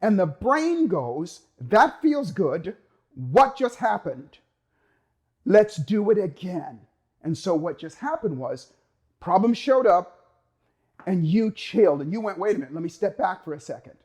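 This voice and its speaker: A motivational speaker with a high voice delivers an energetic, emphatic talk, acting out the voice of a worried mind and drawing out key words for effect.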